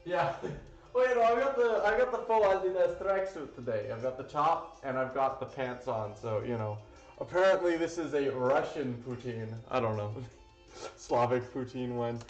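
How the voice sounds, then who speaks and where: A man's voice: medium pitch, lively intonation, normal speed. Man chatting while cooking on a stream. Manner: loose and rambling, with fillers and casual swearing. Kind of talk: casual live-stream cooking chat. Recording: roomy, dull lo-fi sound with faint music.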